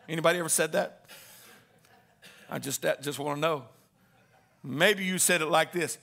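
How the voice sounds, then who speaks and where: A man preaching a sermon, calling on the congregation to answer back and rising into shouted lines. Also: fairly high pitch, steady tone, fast talker, creaky, pauses often. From Southern Indiana.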